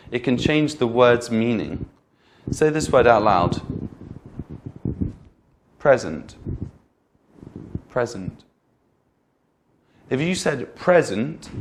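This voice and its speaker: A man teaching English pronunciation, speaking clearly and modeling each word slowly with exaggerated stress. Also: mid-range voice, slight background noise. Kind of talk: slow, clear teaching delivery.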